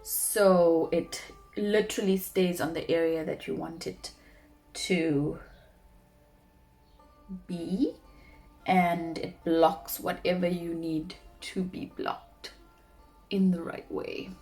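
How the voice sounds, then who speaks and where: A young South African woman with a South African accent, chatting casually through a makeup tutorial, animated with soft murmured asides. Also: on the low side, slow, long pauses, soft background music. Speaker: beauty vlogger.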